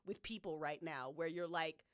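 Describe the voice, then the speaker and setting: A woman who created an audio drama, talking casually on a live stream, swearing freely and laughing often, her voice jumping up when she gets excited. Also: deep voice, normal speed, no echo, clean studio sound.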